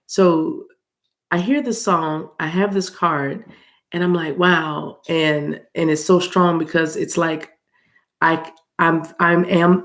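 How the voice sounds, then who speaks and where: A low-pitched American woman with a gravelly, fry-laden voice talks through a spiritual card reading. She rambles casually and chats warmly with her viewers, and allergies have roughened her voice. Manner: chatty and rambling, addresses viewers as y'all, laughs often. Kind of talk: casual tarot reading chat.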